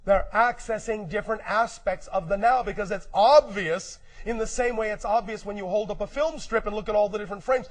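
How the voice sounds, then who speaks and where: A man giving a slow, emphatic channeled metaphysical lecture, speaking as a collective "we" and clearing his throat often. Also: high-pitched. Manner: speaks as a collective "we" addressing humans. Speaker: spiritual speaker.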